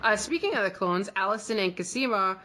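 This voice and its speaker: A woman's voice: medium pitch, lively intonation, brisk, sharp tone. A woman co-hosting a podcast, recapping a TV episode in a chatty, rambling way full of fillers. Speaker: podcast co-host. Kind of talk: casual episode recap chat.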